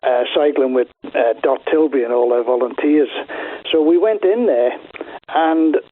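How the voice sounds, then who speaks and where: An older Manx man calling into a radio phone-in, talking in a halting, rambling way with many fillers. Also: medium pitch. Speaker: caller. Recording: tinny phone line.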